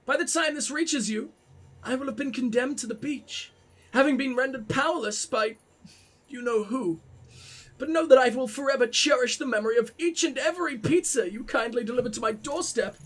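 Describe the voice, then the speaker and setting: A man voicing a pompous, posh gentleman who reads out a florid, theatrical letter. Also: extremely high pitch, moderate pace. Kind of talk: letter read aloud in a put-on voice.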